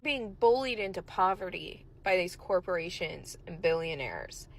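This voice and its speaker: A woman's voice: on the low side, expressive, moderate pace, crowd noise. A woman ranting frustratedly to camera, swearing.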